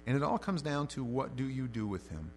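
A pastor, a man of ordinary pitch, preaches a sermon through a passage of scripture. His delivery swings between loud, emphatic lines and quiet, conversational asides, and a faint hum sits underneath. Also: lively intonation, brisk. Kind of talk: expository sermon.

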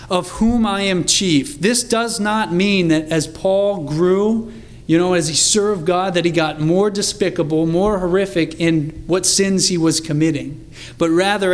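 A man preaching a sermon in an earnest, conversational way, reading scripture aloud with emphasis. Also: high voice. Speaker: pastor.

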